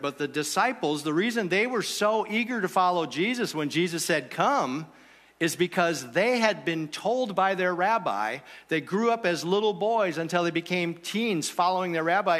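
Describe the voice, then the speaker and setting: A man's voice: on the high side, a bit bright, in a large hall. A man preaching a sermon in a church, conversational and asking the congregation rhetorical questions. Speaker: pastor.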